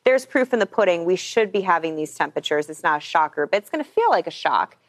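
A woman's voice: on the low side, animated, fast. A woman meteorologist chatting through a weather forecast on air, explaining things in a friendly, upbeat way.

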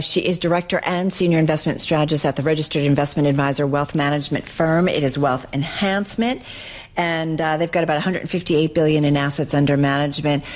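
A woman with a lowish voice co-hosts a live market show from a radio studio. She talks conversationally and uses some fillers. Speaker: radio co-host.

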